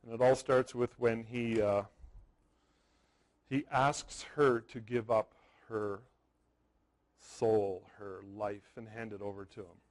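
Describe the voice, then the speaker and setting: A man's voice: fairly low pitch, steady tone, takes it slowly, pauses often, low-quality recording. A man in his forties presenting a live seminar to an audience, telling stories, stressing points by repeating words and checking in with "okay?". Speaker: wedding photography seminar presenter.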